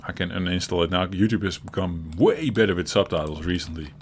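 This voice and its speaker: Dutch-accented male co-host, slightly low voice, loose rambling chat full of chuckles, typing and noise in the background. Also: brisk. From Netherlands. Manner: rambling and chuckly, with frequent restarts and swearing. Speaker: co-host of a gaming chat show. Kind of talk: casual chat.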